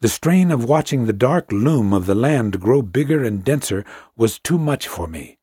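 A man reads a classic sea story aloud in a measured, hushed manner. His voice is husky and of middle pitch. The recording is dry and close. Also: animated, dry recording. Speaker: audiobook narrator.

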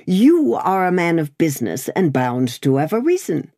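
Brief: a proud, bullying male lawyer, read by a woman, indignant, with a lively swooping pitch. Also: moderate pace, no echo, studio quality. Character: blustering proud middle-aged male lawyer. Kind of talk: audiobook character voice.

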